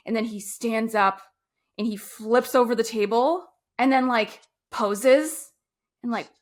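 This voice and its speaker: A woman co-hosting a casual podcast chat, talking in a wry, mocking and expressive way. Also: a little high, unhurried. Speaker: podcast co-host.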